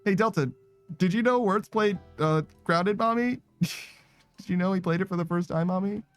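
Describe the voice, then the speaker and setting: A man with a fairly high voice, talking on a live stream with faint music behind him. He rambles and trips over his own shout-outs, swearing and laughing at himself. His speech is casual and unscripted. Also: normal speed, clear, resonant tone. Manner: keeps tacking a running joke word onto sentences, laughs and swears often.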